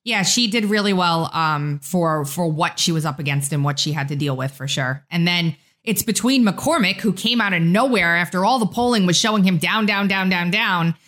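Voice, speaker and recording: A woman co-hosting a political talk podcast, chatty and quick to laugh. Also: fairly low pitch, lively intonation, a bit bright. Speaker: podcast co-host.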